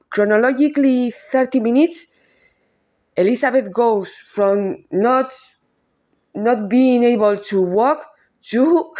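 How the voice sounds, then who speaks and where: A film reviewer with a Spanish accent delivers a casual film analysis monologue at an unhurried, measured pace, her mid-range voice a little mellow. She's halting, often breaking off mid-thought to restart, rephrase and repeat words as she works out her point.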